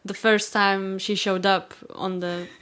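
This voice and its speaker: A woman's voice: medium pitch, little pitch movement, takes it slowly, fairly bright tone, smooth. A woman co-hosting a casual podcast, trading dry, teasing remarks. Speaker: podcast co-host.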